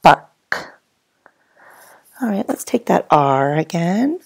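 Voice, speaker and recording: Woman, phonics teacher, low gravelly voice, very slow and patient. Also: animated, darkish tone. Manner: slow, clear, patient teacher voice with drawn-out words; speaks as if to children answering off camera. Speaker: first grade teacher. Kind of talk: phonics lesson for young children.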